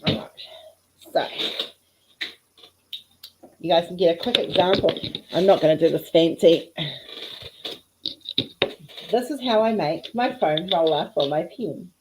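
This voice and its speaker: A woman's voice: fairly low pitch, unhurried, long pauses, background noise. An Australian woman hosting a craft livestream, chatting casually and rambling as she works on a piece. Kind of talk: casual chat while crafting.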